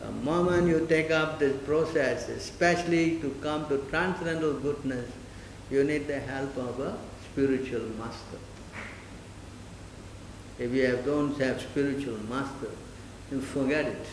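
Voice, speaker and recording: A man's voice: mid-range voice, a little slow. A man giving a sermon in a temple hall. He keeps checking with his listeners and asks them short questions. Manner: quizzing the audience with repeated "Understand?" and "Huh?"; mimics others in brief put-on voices. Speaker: preacher. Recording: roomy hall with faint hiss.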